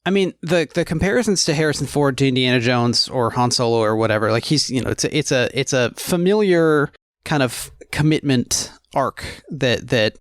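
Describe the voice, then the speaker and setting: A man co-hosting a podcast, talking about films in a rambling, halting way with many restarts. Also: medium pitch, no echo, clean studio sound. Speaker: podcast co-host. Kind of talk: casual film discussion.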